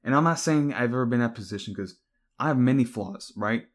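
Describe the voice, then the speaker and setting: A man's voice: medium pitch, fast talker. A young man talking casually to the camera in a rambling, hesitant way, full of fillers and restarts. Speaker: vlogger.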